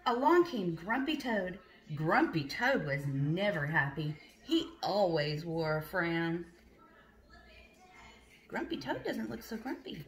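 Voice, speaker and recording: A preschool teacher reading a picture book aloud, pausing to quiz the children and praise them. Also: female voice, medium pitch. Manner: slow, questioning, encouraging.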